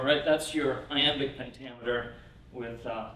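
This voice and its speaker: Recorded from a distance in an echoey room with a little hiss or hum, a pastor gives a chatty, filler-heavy poetry lecture, often asking "right?". His mid-range voice is steady, pushed and bright, a little slow, and turns lifted and sing-song when he reads old verse.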